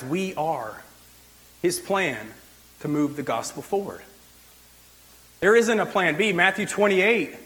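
High-pitched male pastor, casual sermon delivery, relaxed conversational preaching. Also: low-quality recording. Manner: conversational preaching with frequent "like" and restarts.

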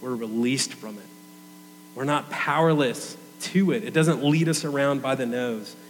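A man's voice: mid-range voice, unhurried, big-room sound, slight background noise. A young adult man preaching a sermon in a conversational, earnest way.

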